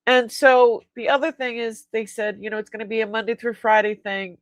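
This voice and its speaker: A woman's voice: fairly high pitch, steady tone, fairly quick, hardly any pauses, a bit bright, no echo, clean studio sound. A woman hosting a live-sale stream, chatting casually and telling stories with frequent laughs and acted-out bits of dialogue. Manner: chatty storyteller, laughs often, acts out dialogue.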